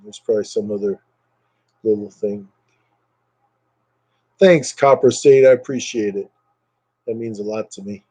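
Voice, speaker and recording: Laid-back guy chatting on his stream, warm dark voice, rambling with fillers. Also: lowish voice, measured pace, long pauses, husky, poor audio. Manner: thanks viewers by name. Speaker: live streamer. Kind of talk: casual live-stream chat.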